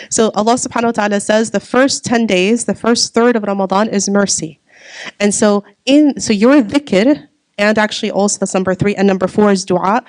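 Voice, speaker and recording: A woman's voice: mid-range voice, a little mellow, no echo. Woman teacher doing a religious talk, quizzes the room, repeats stuff, dry close sound. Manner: asks the audience questions and waits for answers; repeats key words for emphasis. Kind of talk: religious talk to a live audience.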